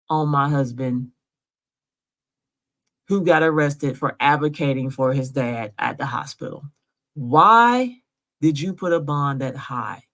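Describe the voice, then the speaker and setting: A woman from Georgia telling her story straight to camera, insistent and emotional, often checking in with her viewers. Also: low-pitched. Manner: insistent, keeps asking "right?". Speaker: vlogger. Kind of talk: emotional direct-to-camera vlog.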